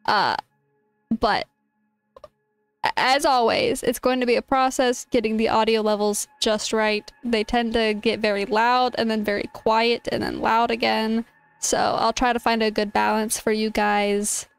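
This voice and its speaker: A woman's voice: a little high, steady tone, a little slow, gravelly, clean tone. A young woman streaming a game, chatting casually, reading game text aloud and exclaiming often. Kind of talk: casual gameplay commentary.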